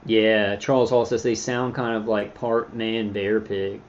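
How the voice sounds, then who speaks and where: A man hosting his own channel, talking in a meandering, halting way with many fillers and restarts while answering live chat. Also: mid-range voice, darkish tone, highs cut off. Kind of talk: rambling casual livestream talk.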